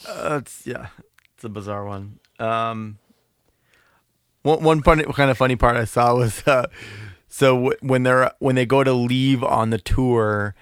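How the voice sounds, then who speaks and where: A man co-hosting a casual podcast retells movie scenes in an easygoing way. His voice is smooth and resonant, recorded dry and close to the mic. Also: medium pitch, unhurried, dry recording. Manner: easygoing, recounts scenes with laughs. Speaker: podcast co-host.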